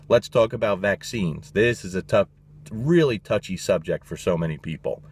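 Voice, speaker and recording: A man's voice: deep voice, a little hiss or hum. A man, a dog trainer, giving his opinions in a blunt, emphatic casual monologue, swearing freely.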